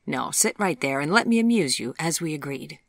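A man's voice: fairly high pitch, lively intonation, a little fast, a bit bright, dry recording, clean studio sound. A narrator voicing a charming, eager young man with a Sheffield accent, cheerful and teasing in an audiobook. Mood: playful. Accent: Sheffield English.

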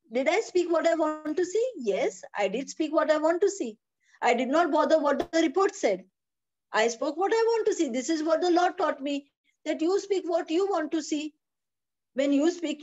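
A woman's voice: high-pitched, darkish tone. A woman teaching the Bible on a video call. She is emphatic, repeats her phrases and asks rhetorical questions. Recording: dull lo-fi video call audio.

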